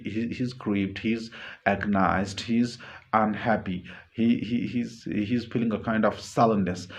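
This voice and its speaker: A male literature teacher explaining a short story in a classroom lecture, repeating himself, glossing word meanings and filling pauses. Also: on the low side. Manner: repetitive, glossing words, many fillers.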